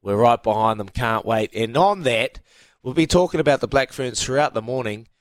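Lively New Zealand radio host, dry studio sound. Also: male voice, mid-range voice, normal speed, no echo. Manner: lively, laughs often, uses bro and mate. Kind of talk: casual radio chat.

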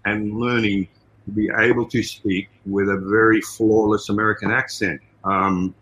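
An Australian man being interviewed as a guest, telling stories in an animated, casual way with many "you know" asides. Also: fairly low pitch, low-quality recording. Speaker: guest, martial arts trainer and fight coordinator.

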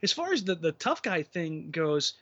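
A man's voice: on the high side, very animated, moderate pace, a bit bright. A man co-hosting a casual basketball podcast, opinionated and rambling, often restarting his sentences. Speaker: podcast co-host. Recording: muffled lo-fi podcast audio.

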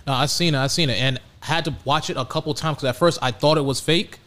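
Fast-talking male podcast co-host. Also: on the high side, bright, forceful tone. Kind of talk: casual podcast chat.

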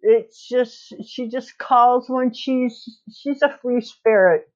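A middle-aged woman co-hosting a casual podcast, speaking gently and reassuringly. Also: on the high side, slow pace, muffled recording. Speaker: podcast co-host.

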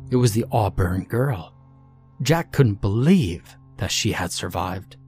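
A man narrating a scary story in a slow, deliberate, ominous scripted reading. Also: lowish voice, lively intonation, a little mellow, faint music behind.

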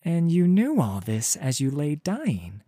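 A man's voice: wildly swooping pitch, slow, dark tone, no echo, clean studio sound, exaggerated voice. Wreath, a man playing a scared, wary young woman. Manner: high, tense and wary. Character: frightened young woman of the ice clans.

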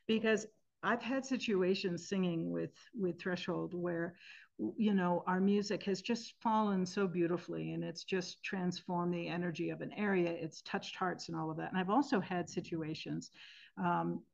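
A woman in her sixties speaks as an interview guest, earnest and reflective, often pausing to rephrase. Her voice sits on the low side. The podcast audio sounds a little dull and muffled. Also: steady tone, creaky. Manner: thoughtful, earnest, with gentle restarts. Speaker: guest, end-of-life singer.

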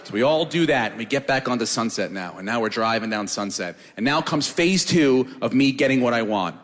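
A man doing a stand-up comedy set, animated, swinging from loud shouted bits to low mumbles. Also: fairly quick, in a large hall.

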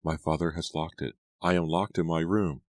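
A man's voice: very deep voice, fairly even intonation, normal speed, no room sound. A man voicing a desperate, tearful young woman who pleads in breathless calls. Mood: anxious.

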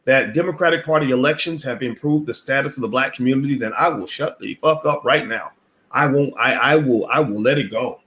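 Speaking a little fast in a bit bright, mid-range voice, a man rants as a finance commentator, direct to camera and full of profanity. He's repetitive and rhetorical, challenging listeners to show he's wrong.

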